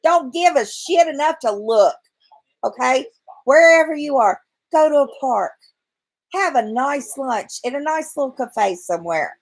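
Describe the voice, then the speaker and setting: A woman with a somewhat high voice rants at home in a blunt, exasperated way and swears freely. She talks straight to the camera from bed in the early morning. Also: expressive, a little slow, poor audio. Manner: blunt, profane, exasperated ranting. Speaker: vlogger. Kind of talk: ranting vlog to camera.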